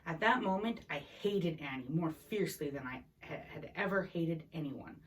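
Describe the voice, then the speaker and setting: A woman's voice: sits low, lively intonation, normal speed. A woman reading a novel chapter aloud in an unpolished way, with small slips and restarts. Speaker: reader. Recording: voice a bit distant from the mic.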